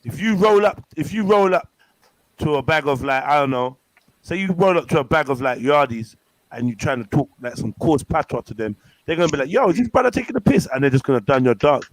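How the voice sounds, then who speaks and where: Man, livestream host, animated slangy banter, dry close sound. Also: mid-range voice, fairly quick, dry recording. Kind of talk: casual group chat.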